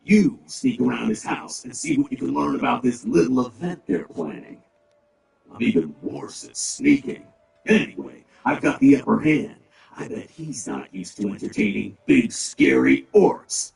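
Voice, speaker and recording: A big, gruff male orc in a video game. The voice is deeply gravelly and swings in pitch as he grumbles and quips sarcastically, with a roomy, distant sound over game music. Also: sing-song, normal speed, a little mellow.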